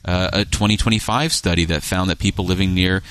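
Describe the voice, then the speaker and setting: A man's voice: deep voice, fairly even intonation, brisk, fairly bright tone, clean tone, no echo. A man hosting a news interview, pressing his guest with probing, challenging questions. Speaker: radio interviewer.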